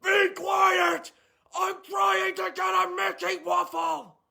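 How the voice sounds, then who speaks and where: A man's voice: extremely high pitch, steady tone, moderate pace, sharp tone, reverberant, raised voice, some chatter behind, pitched above the performer's own voice. A man playing a furious, entitled father throwing a screaming tantrum over breakfast in a comedy sketch. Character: screaming entitled dad at a theme park breakfast.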